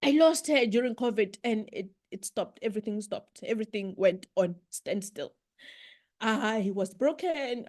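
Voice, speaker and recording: A woman giving an emotional personal testimony as a guest speaker at a business meeting, heartfelt and halting, often repeating herself. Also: fairly high pitch, expressive, a little mellow. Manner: heartfelt, halting, many repetitions and "you know"s.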